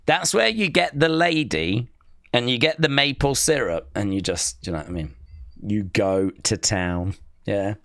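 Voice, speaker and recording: A man's voice: on the low side, a little slow, a bit bright, dry recording, clean studio sound. British man bantering with stream chat. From Britain. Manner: bantering, teasing, mock-outraged asides. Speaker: live stream host. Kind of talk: casual watch-along chat reading viewer comments.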